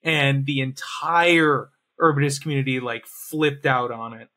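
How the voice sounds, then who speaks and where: A man co-hosting a podcast, talking in a quick, chatty storytelling way. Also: medium pitch, sharp tone. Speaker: podcast co-host. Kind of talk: casual chat.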